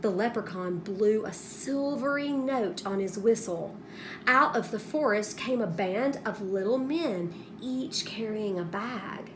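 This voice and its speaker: A woman teacher reading a storybook aloud to students in an expressive way, stopping to ask them questions. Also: mid-range voice, background noise. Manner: slow, expressive, pauses to prompt students.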